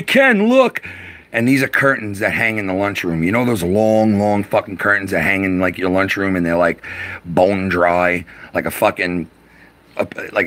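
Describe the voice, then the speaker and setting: A man's voice: on the low side, a bit bright. A middle-aged man chatting on a live stream, swearing freely and rambling through stories from his youth. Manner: profane, rambling storyteller. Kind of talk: casual live-stream chat.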